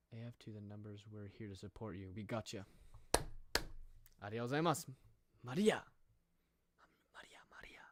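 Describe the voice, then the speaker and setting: A man's voice: on the low side, dry recording. A young American man streaming from home, chatting casually with viewers in a playful, rambling way and reading the chat aloud. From United States. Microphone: studio microphone.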